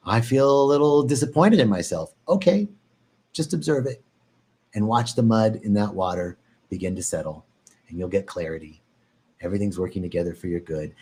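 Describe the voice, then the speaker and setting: Calm man leading a meditation talk. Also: fairly low pitch, husky. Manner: calm, reflective, repeats phrases, swings into animated mock panic. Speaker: meditation teacher. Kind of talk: spoken meditation talk on a live stream.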